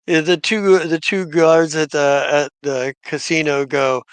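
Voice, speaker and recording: A man narrating as game master in a live tabletop game, halting, with many "uh" and "like" fillers. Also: fairly high pitch, little pitch movement, clear, resonant tone, no room sound. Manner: halting, full of "uh" and "like".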